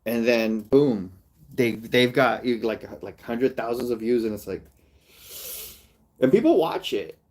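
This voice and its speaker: A man's voice: mid-range voice, unhurried, darkish tone. A male artist and comedian in casual livestream chat, rambling and mocking, with frequent laughs.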